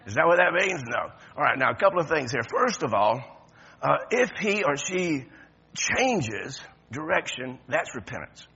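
A man preaching a sermon as pastor, talking to the congregation conversationally, stumbling over restarts, then breaking into emphatic high points. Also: big pitch swings, normal speed, bright, forceful tone, husky, highs cut off.

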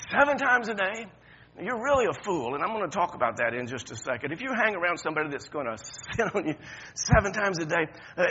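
Male pastor preaching, fairly high and sharp voice, stammers through restarts, faint room noise behind. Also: lo-fi sound. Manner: conversational preaching, with stammered restarts and sudden emphatic rises. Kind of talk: sermon.

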